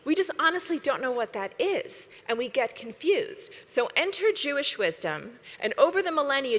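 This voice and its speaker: A woman with a bright, fairly high voice gives a lively, conversational talk from a stage. She keeps checking in with the audience in a chatty way. Her voice carries a long reverb across a large hall. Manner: lively, conversational, often adds "right?". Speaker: speaker at a convention. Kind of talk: inspirational lecture.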